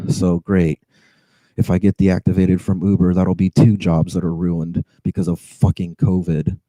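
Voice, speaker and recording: A man on edge vents a long grievance, sighing, stammering and swearing. His voice sits low and very dark. The sound is close and dry. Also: level tone, moderate pace, dry recording, low-quality recording. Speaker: rideshare driver. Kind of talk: venting story to camera.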